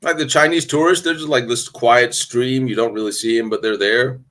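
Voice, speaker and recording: A man's voice: medium pitch, fairly even intonation, normal speed, a bit bright. A man hosting a casual live stream, rambling and laughing as he talks, with many restarts. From United States. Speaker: host. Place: hotel room in a city.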